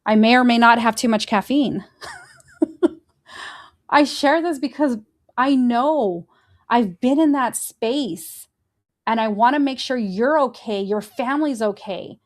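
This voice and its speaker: Speaking slowly with long pauses, this woman's slightly high voice carries her faith-based motivational podcast. She talks earnestly to her listeners, encouraging them and gently walking them through breathing exercises.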